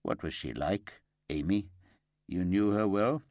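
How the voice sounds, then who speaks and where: A grave, steady detective with a deep, low voice, speaking softly and evenly, as a male narrator plays him. He delivers hard news slowly and gently. The audiobook read sounds close and dry. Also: no echo. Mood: calm.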